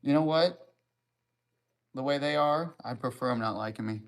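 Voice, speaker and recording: A man hosting a live stream in a mid-pitched voice, bantering loosely with his viewers. He rambles from joke to joke with a crude sense of humor, reading comments as they come in and answering them like friends hanging out. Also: moderate pace. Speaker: livestream host. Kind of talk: casual livestream chat, reading comments.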